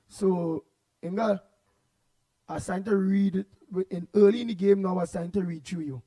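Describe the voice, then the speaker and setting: Loud and passionate, this Trinidadian-accented radio host runs a morning call-in show, welcoming listeners by name and reading their comments aloud while promising to lower the raised voice he struggles to hold down. He speaks at a measured pace in a high-sitting voice, and the audio is poor.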